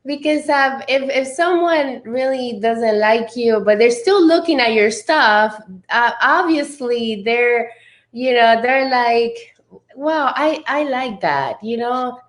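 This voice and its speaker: A woman talking as a guest in a motivational chat, laughing often and filling pauses with restarts. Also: a little high. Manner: slow, laughing, many fillers and restarts. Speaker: guest speaker.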